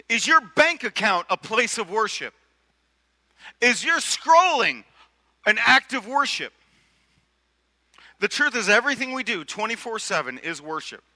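A man preaches in a high, very bright, ringing voice, leaning on rhetorical questions and repeating himself as he goes. His sermon comes across casual and conversational. A long reverb trails off each phrase in the big hall. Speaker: pastor.

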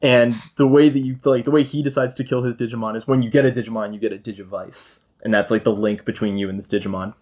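Animated young man retelling a story. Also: mid-range voice, fast talker, few pauses. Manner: animated storyteller, swears and laughs often. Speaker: podcast host. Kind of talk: casual chat.

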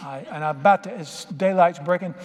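Middle-aged male preacher, folksy emphatic storyteller, slightly higher voice, reverberant hall. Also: brisk. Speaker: pastor. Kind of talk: sermon.

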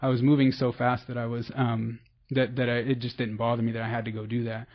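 A man's voice: mid-range voice, completely flat delivery, fast talker, dull audio. A man from the San Francisco Bay Area telling his recovery story in a rambling, self-deprecating way, with many restarts. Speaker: recovery meeting speaker. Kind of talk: personal testimony.

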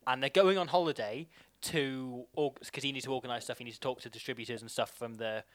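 A man's voice: medium pitch, quick pace. A man chatting casually, recapping a film plot with rambling asides and frequent laughter. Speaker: podcast host recapping a film. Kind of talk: casual chat.

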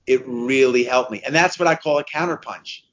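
Male guest, fifties, lively storyteller, middle pitch, dull recording. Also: a little fast. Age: 50s. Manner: animated storyteller, repeats himself, restarts. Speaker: guest, endurance racer. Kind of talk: casual podcast conversation.

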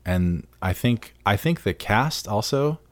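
A man's voice: lowish voice, expressive, slow pace, dry recording. A man co-hosting a film podcast, talking in an eager, rambling way full of "like" and "you know.". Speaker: podcast co-host. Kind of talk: casual movie chat.

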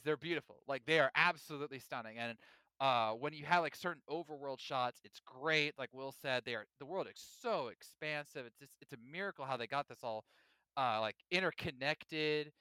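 A man co-hosting a casual gaming podcast, talking in an animated, jokey way with lots of self-corrections. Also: a little high, fairly quick, clean tone, dry recording. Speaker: podcast co-host.

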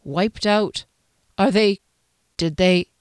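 A woman's voice: medium pitch, animated, moderate pace, no room sound, clean studio sound, natural voice. A woman voicing a polite, sympathetic male dispatch rider who talks courteously to a shopkeeper. It is an audiobook reading.

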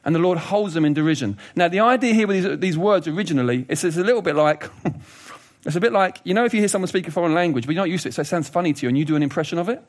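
Animated conversational male preacher. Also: fairly high pitch, very fast, few pauses. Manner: conversational, animated, does funny voices and asides. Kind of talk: sermon.

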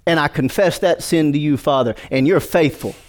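A man's voice: on the high side, moderate pace. A male pastor preaching a sermon, joking with the congregation and calling for responses.

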